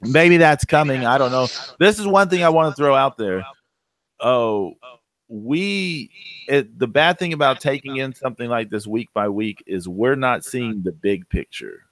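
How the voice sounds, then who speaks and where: A man's voice: mid-range voice, lively intonation, a little slow, a bit bright. A man co-hosting a casual podcast chat, hesitant and thinking aloud with many fillers. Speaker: podcast co-host.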